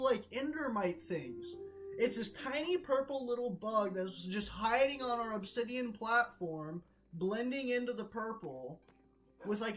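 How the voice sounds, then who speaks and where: A young male streamer retelling a multiplayer game mishap in an animated, laughing way, swearing constantly. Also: high voice, low-quality recording. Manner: excitable, swears constantly, laughs between lines. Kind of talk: animated gaming story retelling.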